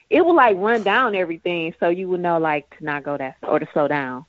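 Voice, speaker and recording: A woman's voice: on the low side, brisk, dry recording. A woman chatting casually and laughing, often acting out little voices as she talks. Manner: animated, laughing, acts out voices. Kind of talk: casual chat. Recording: dry tinny phone-like line.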